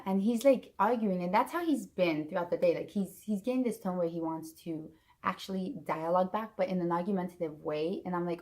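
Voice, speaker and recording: A woman vlogger in her thirties, talking straight to her camera and retelling a hard day in a loose, rambling way. Her voice sits a little low, and she keeps restarting her sentences and acting out what everyone said. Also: moderate pace, darkish tone. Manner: emotional, rambling retelling with many restarts and quoted dialogue. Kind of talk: casual storytelling to camera.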